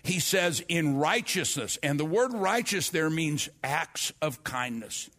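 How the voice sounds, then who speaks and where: Higher-voiced man preaching a testimony. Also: big pitch swings, takes it slowly, a bit bright. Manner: earnest storytelling, frequent restarts and repeated words. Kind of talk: sermon with personal testimony.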